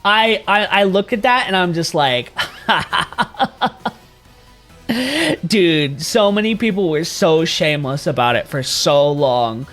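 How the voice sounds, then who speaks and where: A man's voice: high-pitched, animated, slow pace, fairly bright tone, faint music behind. A man streaming and chatting casually with viewers, rambling, swearing freely and laughing often.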